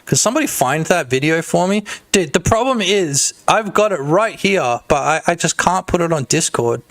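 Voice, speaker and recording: Male indie dev streamer, slightly high voice, excitable and profane, loose rambling chat. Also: moderate pace. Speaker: game developer streaming. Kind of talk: casual livestream chat.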